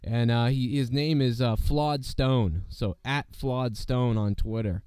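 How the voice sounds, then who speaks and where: A man hosts a casual wrestling chat, rambling with lots of fillers. His voice is worn from being sick, yet its tone stays smooth. He is recorded dry and close. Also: medium pitch, slow pace, a little mellow, no room sound. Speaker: wrestling podcast host.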